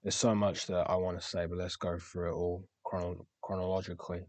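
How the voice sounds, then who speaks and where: Deep, flat-voiced young man, confessional. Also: dry recording. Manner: candid, self-reflective, pauses on words. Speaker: podcast host. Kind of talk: personal diary-style monologue.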